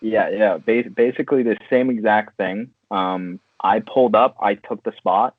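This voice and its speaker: A man's voice: on the low side, moderate pace, dry recording. A man calling in as a podcast guest, telling a story in a laid-back way with some laughs. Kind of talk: casual chat. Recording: tinny phone-like remote line.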